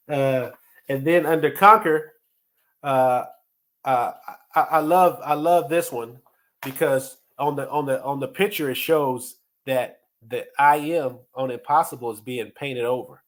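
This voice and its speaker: A man's voice: mid-range voice, measured pace, long pauses. A middle-aged man hosting a podcast, giving casual motivational leadership advice in an earnest way, often restarting and repeating words. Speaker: podcast host and leadership coach.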